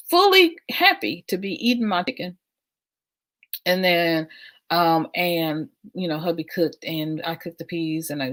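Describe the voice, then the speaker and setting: A middle-aged woman from the United States hosting a casual livestream, affirming and repetitive, often laughing. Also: on the low side. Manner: warm, affirming, repeats phrases, laughs often. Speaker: livestream host.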